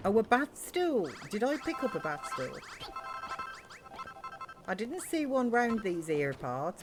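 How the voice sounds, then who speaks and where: A woman streaming a building game, chatting casually and thinking aloud with many ums. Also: mid-range voice. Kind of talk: casual live-stream chat.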